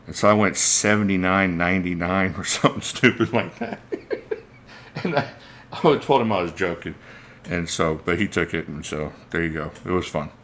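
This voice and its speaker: Low-voiced man rambling through a livestream. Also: moderate pace, fairly bright tone, a little hiss or hum. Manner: rambling, chatty, thinks aloud; reads out viewer names mid-talk. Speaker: knife channel host. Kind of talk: casual livestream chat.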